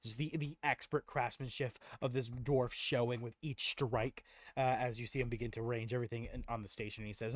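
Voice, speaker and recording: Man, game master, rambling narration, mid pitch, dry sound. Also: steady tone, fairly quick, no echo. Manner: rambling, many fillers and restarts.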